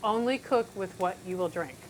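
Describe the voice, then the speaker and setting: A woman's voice: medium pitch, animated, normal speed, background noise. A woman hosting a casual home cooking demonstration in her kitchen, talking in a chatty, encouraging way with fillers and self-corrections. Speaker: cooking show host. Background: faint sizzling of a pan on the stove.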